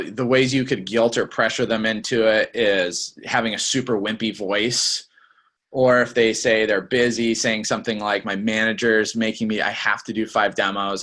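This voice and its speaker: A young man giving a casual sales training talk, acting out quick lines of customers and reps as examples. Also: mid-range voice, fairly bright tone. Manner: conversational, acts out customer and rep lines.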